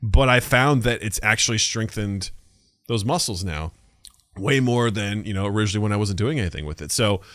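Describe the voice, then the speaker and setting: Guy in his 30s on a podcast, chatty and animated, dry close mic. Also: lowish voice, fairly quick, dry recording. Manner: animated storyteller, acts out quotes. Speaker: podcast co-host. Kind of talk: casual chat.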